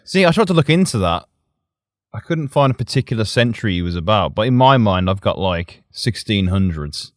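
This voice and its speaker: A playful man hosts a podcast, teasing his co-hosts. His pitch swings widely around a lowish centre. The sound is dry and close to the mic. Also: very animated, fairly quick, no echo. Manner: playful and giggly, teasing, jumps between voices. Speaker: podcast host. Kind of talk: casual chat.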